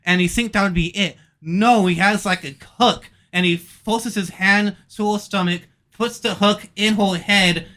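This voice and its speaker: A man co-hosting a casual movie review, recapping scenes with animated jokes. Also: sits high, a little slow, few pauses.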